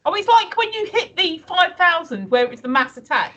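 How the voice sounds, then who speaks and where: A woman's voice: very high-pitched, sing-song, a little fast, sharp tone. A woman co-hosting a live stream, chatting casually, giggling often and reading out chat messages. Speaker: streamer co-host.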